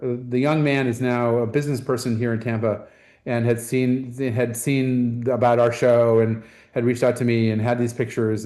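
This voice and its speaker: A man on a museum's staff giving an informal gallery talk about an exhibition, pausing often and restarting his sentences. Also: mid-range voice, darkish tone. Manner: halting, with frequent ums and restarts.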